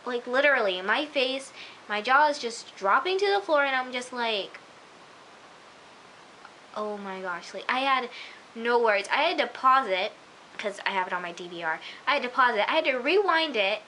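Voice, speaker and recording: Woman vlogger, bright higher voice, excitable and chatty, slips into hushed asides. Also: moderate pace, a little hiss or hum, poor audio. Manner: gushing, exclamatory, full of filler words. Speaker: TV episode reviewer. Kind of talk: casual chatty review.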